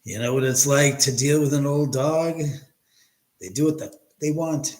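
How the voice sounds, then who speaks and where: A man's voice: mid-range voice, moderate pace, darkish tone, rough recording. A man talking casually into a computer mic at home during a live stream. He chats along with viewers, reads their comments aloud and answers them as he goes. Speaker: livestream host. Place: at home, his own house.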